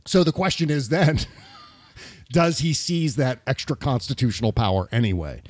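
A man on a political podcast, emphatic and animated, asking rhetorical questions in casual discussion. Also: mid-range voice, moderate pace, dry recording.

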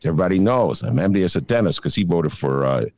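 A man's voice: low-pitched, lively intonation, fast, a little mellow, no room sound. A man from Chicago hosting a podcast, talking in a rambling, opinionated way with lots of fillers. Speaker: podcast host. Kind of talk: casual political chat.

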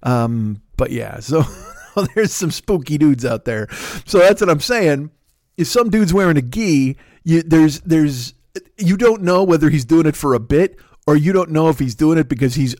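A middle-aged man with a Chicago accent telling a profane, animated story in casual chat, swearing often and laughing between lines. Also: mid-range voice, no room sound, studio quality. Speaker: podcast host.

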